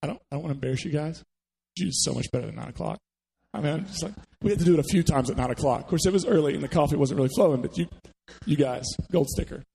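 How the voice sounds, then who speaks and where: A man's voice: fairly high pitch, very fast, vocal fry, dark tone, breathy edge, in a large hall, poor audio. A man preaching a sermon to a church congregation, talking conversationally and putting questions to the listeners. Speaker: pastor. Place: church sanctuary.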